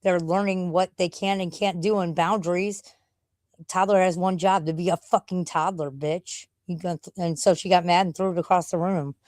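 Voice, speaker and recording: A woman's voice: on the low side, fairly even intonation, moderate pace, a little mellow. Woman streamer just rambling live, crude and blunt, cussing a lot, laughs a bunch. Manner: blunt, profane, laughs often. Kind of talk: casual rambling chat.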